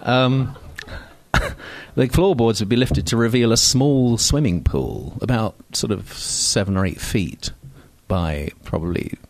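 An older Scottish man with polished received pronunciation takes it slowly as he works through a personal story at a stage microphone, wry, self-mocking and full of ums and asides. His low voice is animated, and the recording is close and dry.

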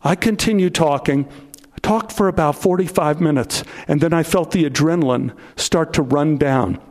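A middle-aged man telling a first-person story to an audience, dropping low and slow at the tense moments. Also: darkish tone.

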